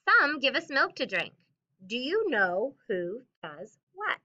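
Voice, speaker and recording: Lively high-voiced woman teacher reading aloud. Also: slow, lo-fi sound. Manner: expressive storybook reading, animal sounds. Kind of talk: reading a picture book aloud to children.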